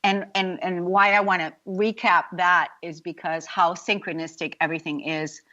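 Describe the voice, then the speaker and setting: A woman's voice: on the low side, level tone, normal speed, muffled recording. A woman hosting a talk radio interview, setting up the guest's story with hesitant fillers and restarts. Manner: warm-up recap, hesitant with fillers. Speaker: radio show host.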